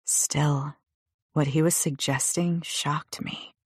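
A woman narrating a first-person audiobook in a measured, low and intimate way. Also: steady tone, slightly rough, dry recording, clean studio sound.

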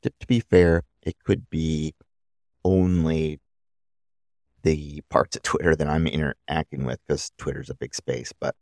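A man's voice: a bass voice, fairly even intonation, a little slow, creaky, a little mellow, dry recording, clean studio sound. A middle-aged man hosting a solo podcast, giving opinions in a rambling way with many restarts. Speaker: podcast host.

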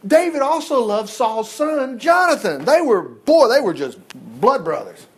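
Animated man, higher voice, informal Bible lesson with playful asides. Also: a little slow, slightly rough. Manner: animated storytelling, acts out voices, jokes and chuckles. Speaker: Bible teacher.

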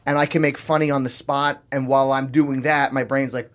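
A man from New Orleans, a comedian guest in a casual interview, telling animated stories and slipping into voices and accents. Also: mid-range voice, brisk. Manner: animated storyteller who slips into voices and accents.

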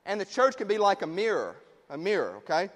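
A man preaching a sermon in a conversational way, dropping low and quiet on his key points. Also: wildly swooping pitch, a little fast, long reverb tail. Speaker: pastor.

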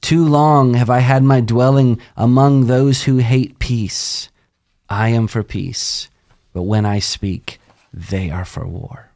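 A man, a pastor, reading a psalm aloud in a measured, solemn way and joining the discussion. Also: mid-range voice, darkish tone.

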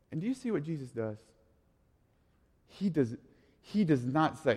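A man's voice: fairly high pitch, moderate pace, pauses often, slightly rough. Casual man preaching in a reverberant hall. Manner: casual, conversational, swings from quiet asides to animated storytelling. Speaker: pastor. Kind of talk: sermon. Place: church sanctuary. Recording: long reverb of a large hall.

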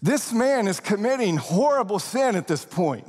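A man preaching a sermon as pastor, with expressive, deliberate emphasis and occasional laughs. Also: high-pitched, long reverb tail.

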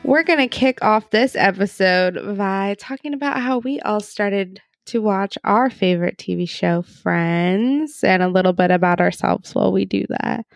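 A woman's voice: medium pitch, a little slow, vocal fry, hardly any pauses. A young woman in her twenties hosting a casual podcast, upbeat and joking, chatty with lots of "like". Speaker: podcast host.

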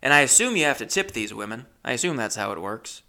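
A young man telling a comic story, animated, swinging from mutters to loud outbursts. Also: mid-range voice, quick pace. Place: Los Angeles area.

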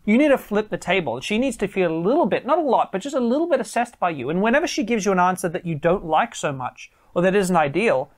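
Man, dating coach, fairly high voice, emphatic, repeats himself for stress, talking to camera. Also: expressive, fast, few pauses. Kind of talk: advice talk to camera.

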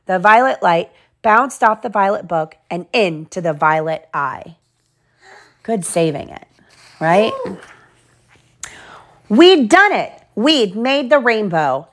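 This is a mother reading a picture book to her children at home, her delivery slow and clear and sprinkled with small side comments for the kids. She speaks at medium pitch, sounding a bit bright.

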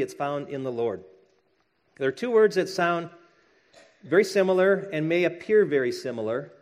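A middle-aged man preaching a sermon in a conversational way, acting out quoted voices with light jokes. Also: fairly high pitch. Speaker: pastor.

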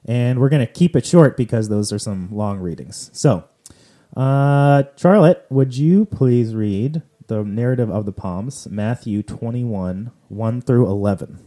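A man's voice: mid-range voice, a little slow, dark tone. A man hosting a church podcast, talking in a loose, conversational way with plenty of fillers. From California. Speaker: podcast host. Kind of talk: casual chat on church readings.

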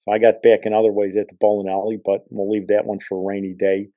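A man's voice: lowish voice, level tone, quick pace, dry recording, phone-quality sound. A man hosting a podcast, telling rambling personal stories in a casual, conversational way. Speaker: podcast host. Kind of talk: casual storytelling.

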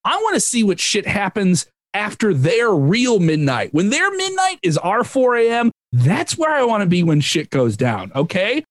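A man argues a comic case with rambling, emphatic energy. His pitch swings widely as he pushes each point. The sound is dry and close. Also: wildly swooping pitch, moderate pace, hardly any pauses, no room sound. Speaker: comedy panelist. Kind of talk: comedic debate argument.

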